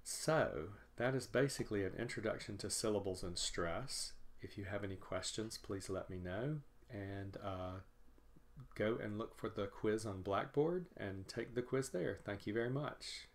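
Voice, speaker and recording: A man teaching English pronunciation in a recorded lecture, speaking deliberately and repeating example words. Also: fairly low pitch.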